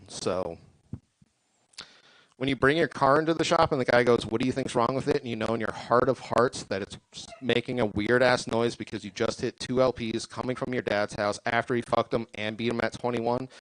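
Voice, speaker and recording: A man performing a stand-up set at a comedy club, delivering deadpan punchlines into a stage mic. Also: medium pitch, dry recording, poor audio.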